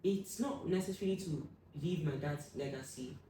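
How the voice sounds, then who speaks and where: A young adult woman telling a personal story as an interview guest, acting out what people said with sudden loud high bursts. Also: normal speed, far from the mic. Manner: animated, acts out quoted voices with sudden loud high bursts. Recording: echoey room, voice from off the mic, faint room hum.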